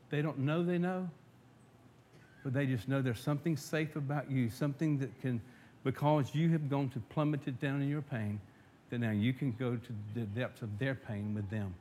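A man preaching a sermon to his congregation. He swells loud and emphatic when reading scripture and drops to soft asides, often restarting and repeating words. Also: medium pitch, a little hiss or hum. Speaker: pastor.

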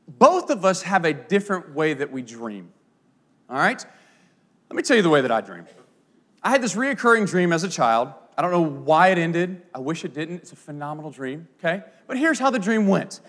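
A man in his thirties delivers a sermon in a bright, high voice that swings widely up and down. He tells funny stories from his own life in a lively, playful way, full of asides to his listeners. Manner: animated, playful storyteller with frequent asides. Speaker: pastor. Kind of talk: sermon with storytelling.

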